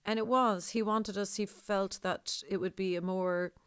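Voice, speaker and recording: A woman with a deep voice, a singer talking in an interview in a rambling, digressive way. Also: fairly even intonation, moderate pace, a bit bright, clean tone, no echo, studio quality. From Ireland. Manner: rambling, digressive, laughs often. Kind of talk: conversational interview.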